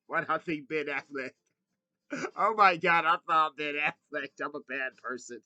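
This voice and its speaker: A man's voice: high voice, no echo, poor audio. A man talking through a casual, profane rant and laughing at his own slips. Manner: animated, profane, laughs at himself. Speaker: commentator.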